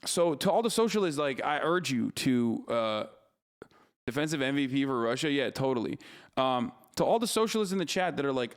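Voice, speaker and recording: A man's voice: medium pitch, very animated, brisk. A man streaming live, ranting heatedly about politics, cursing freely and answering his chat. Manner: heated, profane, argumentative. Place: streaming studio.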